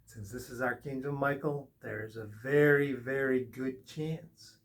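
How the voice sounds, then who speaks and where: A man's voice: mid-range voice, fairly even intonation, measured pace. A man giving a spiritual tarot reading in an earnest way, repeating short reassuring phrases. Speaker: tarot reader.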